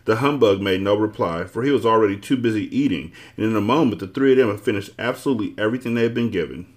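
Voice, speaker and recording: A man hosting a book podcast, narrating a children's book in an expressive reading voice. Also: fairly low pitch, fast talker. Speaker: podcast host reading aloud. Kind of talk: storybook narration.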